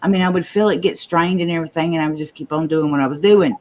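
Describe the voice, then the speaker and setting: A woman's voice: low voice, quick pace, darkish tone. A woman chatting casually on her painting livestream, open and talkative, with a slight stutter at times.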